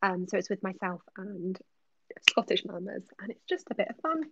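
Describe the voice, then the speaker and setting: A woman's voice: mid-range voice, lively intonation, normal speed, a bit bright, slightly rough, no room sound, lo-fi sound. A woman answering viewers' questions on a casual live stream, chatty with many ums and slipping into whispers. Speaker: ASMR creator answering live chat.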